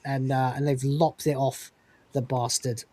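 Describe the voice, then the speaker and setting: Man, podcast host, casual recap, crude and sweary, mid pitch, dry close sound. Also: little pitch movement, unhurried, mellow, no room sound. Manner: crude and swearing, laughs while retelling scenes. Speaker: podcast host reviewing a TV episode.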